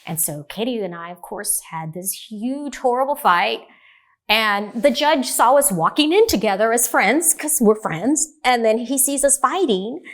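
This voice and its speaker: A middle-aged woman, a divorce lawyer, talking in an animated storytelling way and acting out the dialogue. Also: a little high, measured pace. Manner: animated, acts out quoted dialogue. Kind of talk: storytelling in a podcast interview.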